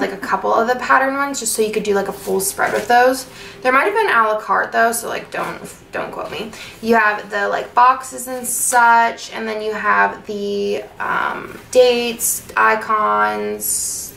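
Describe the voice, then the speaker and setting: A woman's voice: mid-range voice, gravelly, a bit bright, roomy sound, far from the mic. A young woman chatting casually through a sticker haul video, gushing and filling her talk with "like". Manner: gushing, chatty, lots of fillers. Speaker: planner sticker vlogger.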